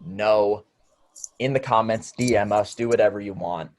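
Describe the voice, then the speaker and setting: A young man co-hosting a casual podcast, upbeat and encouraging, giving shout-outs and asking listeners to comment. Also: on the low side, normal speed. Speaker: podcast co-host.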